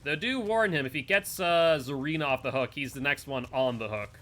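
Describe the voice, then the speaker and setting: A man's voice: a little high, a little fast, bright, forceful tone. A man with a Northeastern US accent, streaming a game live and rambling to chat between plays. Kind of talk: live gameplay commentary and chat.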